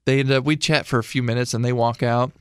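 A man's voice: medium pitch, steady tone, fast talker, smooth, no echo, clean studio sound. A man in his thirties from Illinois, a veteran telling a long story in an interview with a casual, rambling way of talking. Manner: casual, rambling storyteller with many fillers and restarts. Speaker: guest, veteran.

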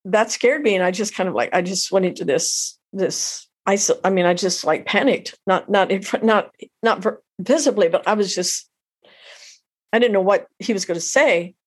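A middle-aged woman tells an emotional personal story as an interview guest, halting and heartfelt, often restarting her sentences. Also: mid-range voice, breathy edge.

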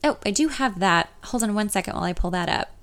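A woman's voice: medium pitch, lively intonation, quick pace, smooth, natural voice. A woman reading an audiobook, voicing a friendly male record publisher on the phone. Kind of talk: audiobook character voice.

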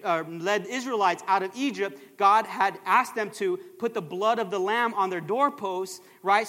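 A man's voice: sits high, fairly bright tone, long reverb tail. A middle-aged man, a pastor, preaching a sermon in a church with emphatic call-and-response phrases. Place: church sanctuary.

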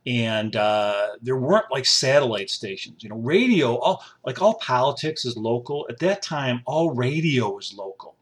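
A man's voice: mid-range voice, animated, normal speed, few pauses. A man in his sixties from upstate New York hosting a podcast from a home studio, riffing playfully in a rambling, repetitive monologue. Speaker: podcast host.

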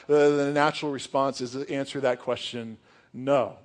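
A man's voice: mid-range voice, fairly even intonation, normal speed. Earnest young male pastor preaching casually. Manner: conversational, earnest, casual asides with "like". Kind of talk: sermon.

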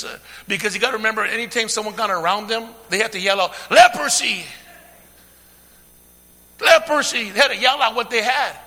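A man preaching a sermon, using call-and-response, swinging from hushed talk to shouting. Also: high voice, in a large hall. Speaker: pastor.

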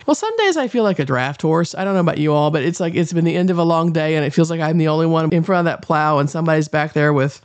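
A middle-aged woman talking casually and rambling in a folksy way, hosting her own show. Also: no room sound. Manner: rambling, folksy, drifts in pitch and pace. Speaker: podcast host and kennel owner. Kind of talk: casual monologue.

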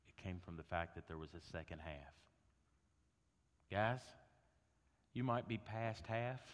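A man preaching a sermon, an animated storyteller who swings between loud bursts and hushed tones. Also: sits low. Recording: long hall reverb.

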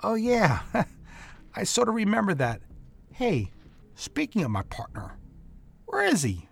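A man's voice: huge pitch swings, a little slow, vocal fry, slightly rough, full character voice. A man playing a wisecracking wounded detective. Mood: startled. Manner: wisecracking, raised pitch. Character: wounded joking male detective.

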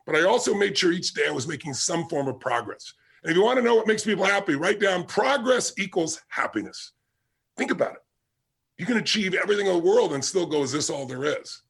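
A motivational speaker with a high-pitched, fairly bright yet gravelly and husky voice shares personal stories. His talk is emphatic and driving, and he keeps repeating his key points.

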